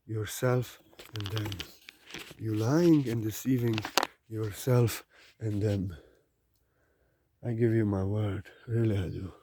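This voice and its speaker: A man giving an unscripted spiritual talk, repeating his points, pressing them loudly and then dropping to quiet musing. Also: mid-range voice. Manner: emphatic and repetitive, swinging between loud urging and quiet musing. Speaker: spiritual teacher.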